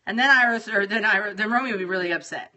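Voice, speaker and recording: A woman's voice: mid-range voice, quick pace, pushed and bright, dull audio. A middle-aged woman chatting casually to her viewers on a livestream, scattered, exasperated and swearing freely. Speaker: livestream host.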